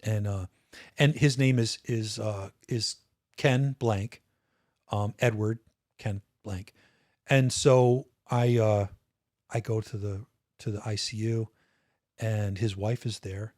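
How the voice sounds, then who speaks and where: A man's voice: on the low side, fairly even intonation, slow, pauses often, darkish tone, no room sound, clean studio sound. A middle-aged man, a retired state police officer, telling a personal story in a casual, candid podcast interview, swearing now and then and often restarting his sentences. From United States.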